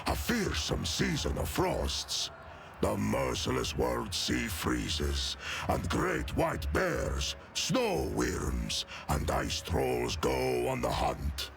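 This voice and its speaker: A towering space-wolf warrior in a video game, his voice gravelly and booming. He tells his tales slowly and grandly, and his pitch rises and falls dramatically. Loud game music plays under his lines. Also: wildly swooping pitch, full character voice. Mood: proud. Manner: slow, dramatic storytelling delivery with some shouted lines. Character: giant gruff male space-wolf warrior, proud.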